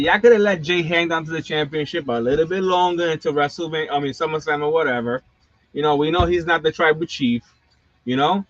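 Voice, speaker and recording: On his wrestling channel's live stream, this middle-aged host goes on a casual, profane rant packed with slang asides. The voice leans high and a bit bright, and the lo-fi recording sounds dull, with no room sound.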